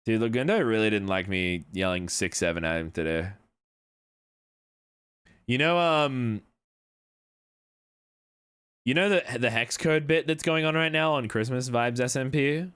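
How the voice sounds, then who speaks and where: A man's voice: mid-range voice, expressive, unhurried, long pauses, fairly bright tone, clear, resonant tone. A young man chatting casually on a livestream, rambling, swearing now and then, and answering chat messages. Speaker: streamer.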